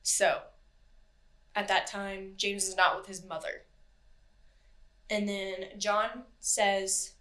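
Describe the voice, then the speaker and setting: A woman's voice: medium pitch, little pitch movement, slow, long pauses, sharp tone. A woman co-hosting a podcast, telling a true crime story in casual, chatty talk, swearing freely and acting out what people said. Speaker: podcast co-host.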